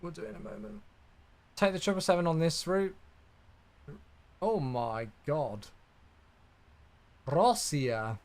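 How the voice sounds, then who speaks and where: A man's voice: on the high side, lively intonation, slow pace, gravelly, long pauses. A young man chatting casually on a live stream while flying a simulator, reacting aloud and answering viewers. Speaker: flight sim streamer.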